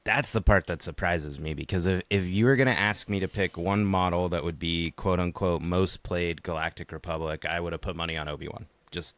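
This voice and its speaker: A man with a deep, low-pitched voice chats casually on a gaming podcast. His humor runs dry and sarcastic, and the recording is close and dead, with no room sound. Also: a little fast, hardly any pauses, a bit bright, no room sound. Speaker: podcast co-host. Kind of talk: casual chat.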